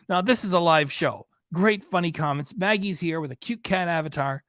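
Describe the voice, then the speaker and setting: A man's voice: a little high, moderate pace, few pauses, a bit bright, no room sound, clean studio sound. A man from Ontario, Canada, hosting a live-stream reaction show with opinionated, rambling commentary. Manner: opinionated, gossipy, rambling asides. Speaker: reaction channel host.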